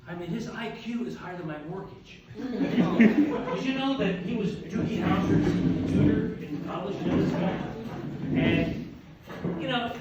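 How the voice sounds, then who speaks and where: An older man from Delaware, a surgeon doing rapid stand-up one-liners with self-deprecating asides at a dinner event. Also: high-pitched, far from the mic, muffled recording. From Wilmington, Delaware, US. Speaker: orthopedic surgeon telling jokes. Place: banquet hall with audience. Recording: roomy hall audio with crowd laughter.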